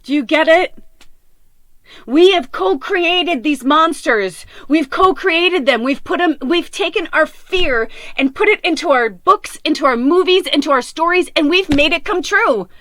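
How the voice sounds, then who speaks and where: A woman's voice: high voice, animated, measured pace, a bit bright, no room sound. A middle-aged woman hosting a podcast, talking in a raw, rambling, emotional monologue, tearful and often swearing. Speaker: podcast host.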